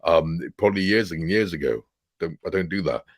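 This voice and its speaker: A man with a low, husky voice chats as a guest about films. He rambles, teases the host and laughs often, speeding up in bursts. The recording is dry and close. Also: no room sound. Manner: rambling, teasing, quick bursts, frequent laughs. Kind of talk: casual chat about films.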